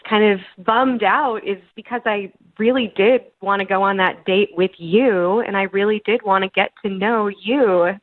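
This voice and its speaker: A woman's voice: mid-range voice, normal speed, hardly any pauses. A woman calling in to a radio show, speaking candidly and a little wistfully. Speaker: caller. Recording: tinny phone line.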